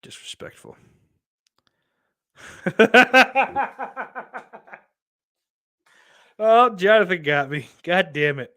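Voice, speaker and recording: A man's voice: high-pitched, animated, moderate pace, hardly any pauses, a bit bright, clean tone. A man hosting his own podcast, chatting casually and reading out viewer comments, rambling, swearing often and mocking himself. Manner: rambling and heavily profane, self-mocking. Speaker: podcast host.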